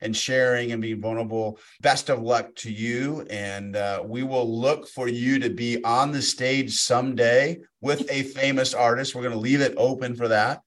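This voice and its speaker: A man's voice: medium pitch, steady tone, normal speed, few pauses. Easygoing male podcast host. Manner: easygoing, chatty, self-deprecating. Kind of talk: conversational podcast interview.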